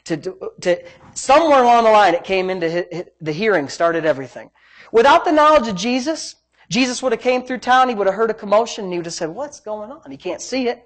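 A man's voice: high-pitched, lively intonation, fast talker, fairly bright tone. A male pastor preaching a sermon in an emphatic, repetitive way, often breaking in with praise. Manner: emphatic, repetitive, frequent "praise God" interjections.

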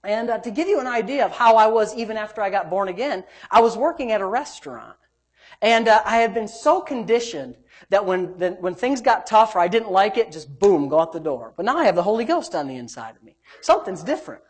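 A man delivers a sermon woven with personal testimony, alternating between booming, emphatic passages and quiet, muttered asides while performing the quoted voices himself.

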